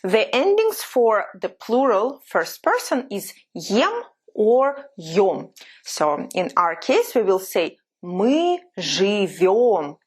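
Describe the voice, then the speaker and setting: A woman with a slightly husky voice teaches an online language lesson. Her pitch moves a lot as she explains, and she slows right down to repeat each example phrase. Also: wildly swooping pitch.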